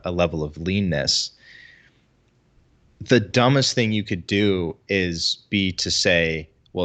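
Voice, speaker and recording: A man's voice: low voice, fairly bright tone. A man talking as a guest in a casual podcast chat, explaining his view thoughtfully.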